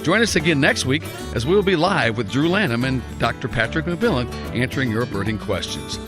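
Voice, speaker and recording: A radio announcer reads the show's scripted closing in a measured, mid-pitched voice. Clear guitar music plays beneath him. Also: male voice, expressive. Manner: smooth, measured read. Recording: music bed under the voice.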